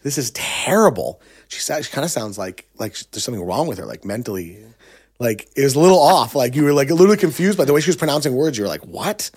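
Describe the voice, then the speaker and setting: A middle-aged man, a songwriter and agent, telling a story in casual conversation, animated and quoting others with lots of fillers. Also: mid-range voice, fast talker, slightly rough.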